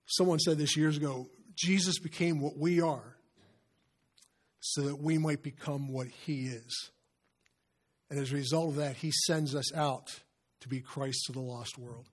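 Husky man preaching a sermon. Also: fairly high pitch, fairly even intonation. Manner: earnest, often clears his throat, slows and softens for emphasis. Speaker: visiting preacher.

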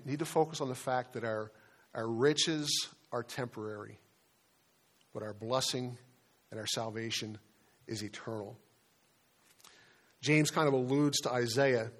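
A man in his fifties preaching a sermon as pastor, earnest and conversational, slowing down and dropping to a hush on key words. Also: medium pitch. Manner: conversational storytelling with restarts.

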